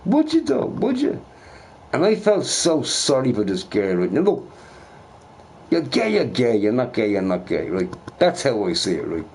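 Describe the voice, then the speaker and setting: A man's voice: lowish voice, sing-song, normal speed, darkish tone, breathy edge. A man in a casual ranting monologue who swears a lot and keeps asking his listeners "right?". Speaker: vlogger.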